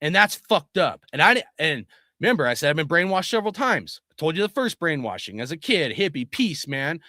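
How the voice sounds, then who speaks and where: This is a middle-aged man giving an angry opinion rant, swearing in nearly every line. His voice sits high and leaps around in pitch. It has a bright, tense edge and is recorded dry and close. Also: sing-song, a little fast, no room sound. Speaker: video host.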